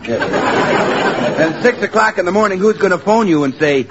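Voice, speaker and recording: A man's voice: sits high, normal speed, long pauses, highs cut off, slight background noise. Teasing man in old radio comedy. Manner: teasing, sulky, salesman-like. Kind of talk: 1940s radio comedy acting.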